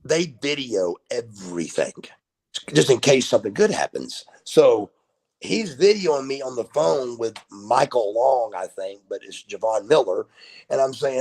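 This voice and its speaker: A man in his fifties, a guest on a video call, telling stories in a casual, animated way and swearing freely. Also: mid-range voice, moderate pace, creaky. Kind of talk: casual storytelling interview.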